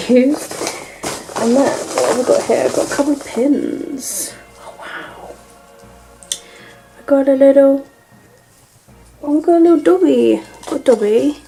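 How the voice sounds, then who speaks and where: A young British woman vlogging an unboxing and book haul, gushing and excitable, sometimes dropping to a breathy whisper of delight. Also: mid-range voice, poor audio.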